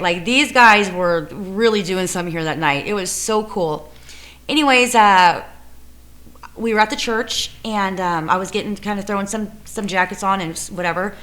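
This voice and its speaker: Bright-voiced woman, middle pitch, rambling casual storyteller in an interview. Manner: rambling, full of fillers and self-corrections. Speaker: music venue co-owner.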